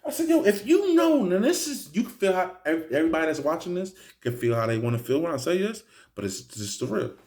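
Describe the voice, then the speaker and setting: A man's voice: fairly high pitch, fast. A man telling a story in a casual, profane street style, acting out the people in it. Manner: animated, profane street storytelling with acted-out quotes.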